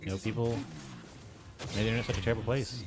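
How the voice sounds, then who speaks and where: A man's voice: on the low side, steady tone, quick pace, background noise. A man streaming a game, rambling casually with lots of filler words and frequent chuckles. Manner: rambling, heavy use of "like", chuckles often.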